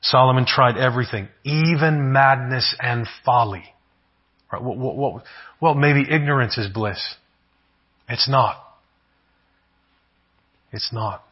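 A pastor preaching a sermon in an earnest way, often repeating words and asking "right?". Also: male voice, mid-range voice, unhurried, slightly rough, lo-fi sound.

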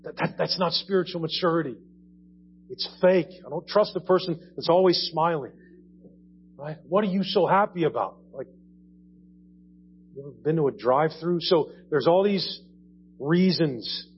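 A man's voice: fairly high pitch, unhurried, long pauses, slightly rough. A man preaching a sermon in a conversational way, repeating phrases and rising in emphasis. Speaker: pastor. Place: church. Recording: dull audio with faint hum.

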